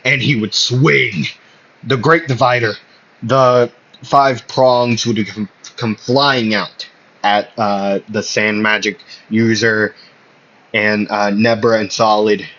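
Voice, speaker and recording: Male fan storyteller, slow and meandering, full of ums, lo-fi mic. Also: lowish voice, fairly bright tone. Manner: rambling, hesitant, many fillers and self-corrections. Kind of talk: casual spoken fan fiction. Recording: slightly muffled lo-fi audio.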